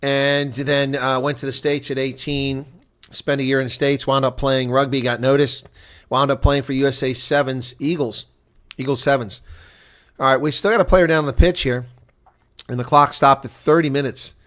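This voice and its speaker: A man calling a rugby game live for his stream audience, sounding tired after a long day. His voice sits in a middle register, neither deep nor high. He moves loosely between play-by-play and chatty asides to viewers. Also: flat delivery, moderate pace, a bit bright. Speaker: host and play-by-play commentator. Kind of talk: live play-by-play reaction commentary.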